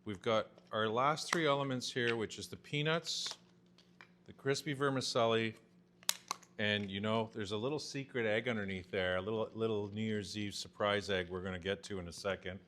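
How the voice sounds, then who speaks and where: A chef in his fifties keeps up a chatty, jokey patter during a cooking demo in a home-style kitchen, where pans and cutlery clatter. His fairly low voice has a fairly bright tone and a moderate pace, with slight background noise.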